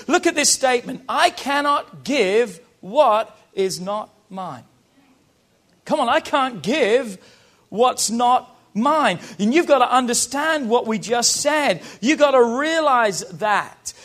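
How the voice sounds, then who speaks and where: A man's voice: very high-pitched, fairly bright tone. A British man preaching as a pastor, rousing and calling on the congregation to repeat lines after him. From Britain. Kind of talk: sermon.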